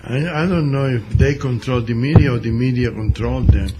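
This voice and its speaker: A man's voice: mid-range voice, a little fast, background noise. A man visiting a talk radio show as a guest, chatty and joking, with loose grammar. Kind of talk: casual political talk radio.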